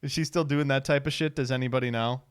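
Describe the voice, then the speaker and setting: A man's voice: mid-range voice, steady tone, fast talker, clean tone. A man hosting a stream, casually commenting on clips with a sarcastic tone, frequent laughter and free swearing. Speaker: streamer host.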